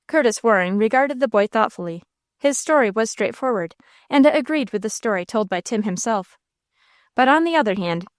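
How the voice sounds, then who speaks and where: A woman reading a classic novel aloud as an audiobook narrator, in a steady, clear manner. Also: medium pitch, no room sound, clean studio sound. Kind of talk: scripted narration.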